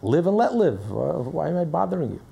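A man's voice: a little high, big pitch swings, a little fast, gravelly, warm tone, husky, pitched above the performer's own voice, exaggerated voice. A man voicing an indignant male wrongdoer who keeps asking, with exasperation, why anyone should care about his sin. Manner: defensive, exasperated questioning. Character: indignant male wrongdoer protesting being scolded.

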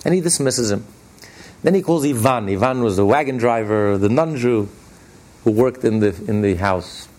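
A male rabbi teaching a class, speaking at an ordinary middle pitch. He tells stories plainly and conversationally, and he drives his points home by repeating them with emphasis. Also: moderate pace, a little mellow. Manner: emphatic, repeats key phrases, rising on points; plainspoken, conversational storyteller with restarts. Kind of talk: spoken religious lesson with storytelling.

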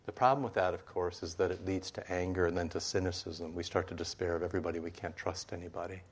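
A man's voice: low-pitched, steady tone, fast, husky. A man preaching a sermon in a conversational way, with asides and rhetorical questions, in a meeting room with a board.

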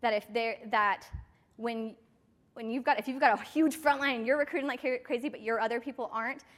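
Woman team leader, higher voice, casual and chatty motivational talk, reverberant hall sound. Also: a little fast. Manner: chatty, filler-heavy storytelling. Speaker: team leader speaking to her sales team.

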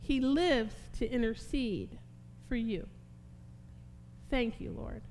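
Slow, high-pitched woman preaching in a hall. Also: darkish tone. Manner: impassioned, rising to emphatic peaks. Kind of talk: sermon. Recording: long hall reverb, faint hum.

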